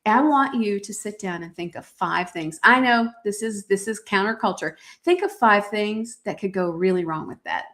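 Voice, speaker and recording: A woman's voice: mid-range voice, normal speed, few pauses, a bit bright. A woman hosting a motivational podcast, reading from her own journal with emphatic, preacher-like exhortations and frequent fillers. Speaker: podcast host.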